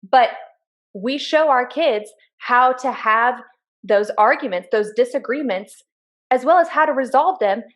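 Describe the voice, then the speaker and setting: A woman in her thirties co-hosting a podcast, telling personal stories in an earnest, animated way. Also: a little high, measured pace. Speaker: podcast co-host. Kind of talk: casual chat.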